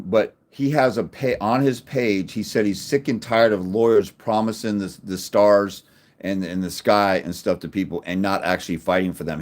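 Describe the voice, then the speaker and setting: A middle-aged man giving a blunt, crude advocacy rant to camera, combative, with many restarts and loud jumps when he makes a point. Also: lowish voice. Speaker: fathers' rights advocate.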